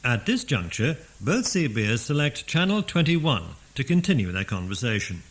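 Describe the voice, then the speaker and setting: A man with an English accent giving slow, deliberate, scripted instructional narration. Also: mid-range voice, sing-song, fairly bright tone.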